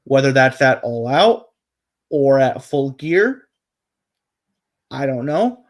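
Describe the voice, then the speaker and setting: A man's voice: medium pitch, very animated, slow pace. A man co-hosting a casual wrestling predictions chat, rambling with many fillers and restarts.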